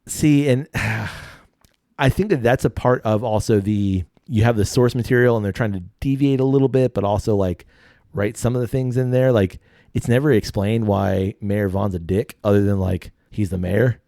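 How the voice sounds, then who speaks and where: A man with a fairly low, mellow voice chats casually as a podcast co-host. He rambles in a relaxed way, padding his talk with fillers. The recording is close and dry. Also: moderate pace, no echo. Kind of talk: casual chat.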